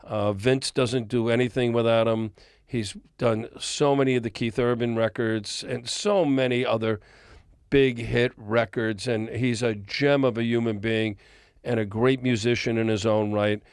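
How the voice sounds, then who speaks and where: A man's voice: mid-range voice, a little slow, clear, resonant tone, dry recording, studio quality. An older man, a music industry guest on a podcast, telling long stories and acting out the dialogue. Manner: animated storyteller, acts out quoted dialogue. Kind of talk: storytelling in a podcast interview.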